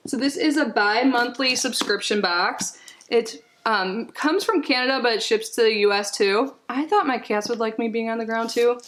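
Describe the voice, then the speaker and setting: A woman's voice: on the high side, moderate pace, slight background noise. A woman vlogger sitting on the floor at home, chatting casually as she unboxes a package, rambling and giggling with lots of "like"s.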